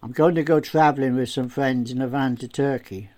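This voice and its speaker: A man's voice: medium pitch, steady tone, a little fast, darkish tone, natural voice. A man voicing an earnest, talkative young man in his twenties in a story reading. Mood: chatty.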